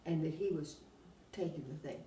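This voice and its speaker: Older lady, lowish voice, rambling animated stories, kinda far from the mic in an echoey room. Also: normal speed. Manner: rambling, animated, often laughing while telling anecdotes. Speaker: oral history interviewee. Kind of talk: casual storytelling. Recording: roomy, distant mic, faint background hum.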